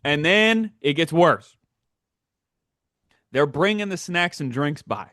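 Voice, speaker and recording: Animated storytelling male podcast host. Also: on the high side, takes it slowly, dry recording, clean studio sound. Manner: animated storyteller acting out quotes. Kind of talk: casual chat.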